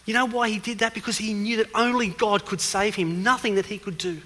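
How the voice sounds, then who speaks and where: A man preaches an evening sermon in a high, bright voice, asking questions and pressing each point with emphasis. His voice carries with a long reverb through a church hall. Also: steady tone, brisk. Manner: questioning, emphatic, rises in force.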